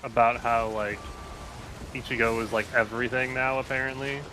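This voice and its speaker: A man's voice: mid-range voice, little pitch movement, moderate pace. A man chatting casually while gaming, rambling with lots of filler words. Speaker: gaming friend. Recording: noisy mic.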